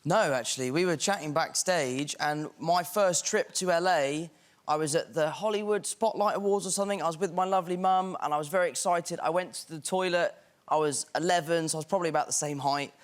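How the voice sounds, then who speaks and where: A man's voice: on the high side, a little fast. A young man, a talk show guest, telling a funny story playfully and laughing. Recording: studio audience with crowd noise.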